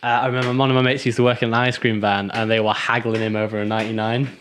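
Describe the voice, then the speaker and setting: A young man co-hosting a podcast in a relaxed, chatty way, laughing often as he tells loose stories. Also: on the low side, very fast, a little hiss or hum. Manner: laid-back, chuckles often, loose storytelling. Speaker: podcast co-host. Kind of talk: casual chat.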